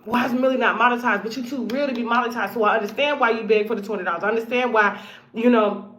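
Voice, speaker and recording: This is a woman delivering a casual commentary monologue as host of her own show. Her tone is bright and forceful, and her talk is blunt and full of profanity. She jumps between loud, punchy lines and quiet, low asides. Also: steady tone, quick pace.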